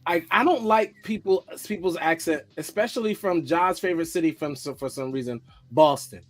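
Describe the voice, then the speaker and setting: A man co-hosting a casual podcast, his voice sitting notably high. He teases his co-hosts and keeps the banter animated. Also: moderate pace. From New York. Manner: teasing, animated, laughs often. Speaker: podcast co-host.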